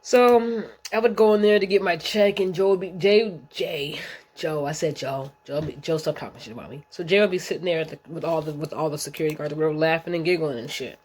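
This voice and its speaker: A woman's voice: low voice, a little fast, darkish tone. Blunt, profane woman in her thirties. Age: 30s. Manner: blunt, profane, slangy and rambling. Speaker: vlogger. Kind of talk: casual storytime monologue.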